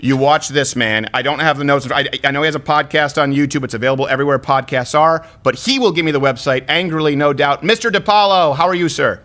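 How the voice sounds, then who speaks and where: Bright-voiced man hosting, laughing often. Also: a little high. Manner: laughs often, quick loud asides. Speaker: show host. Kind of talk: casual comedic interview. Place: lives in Texas.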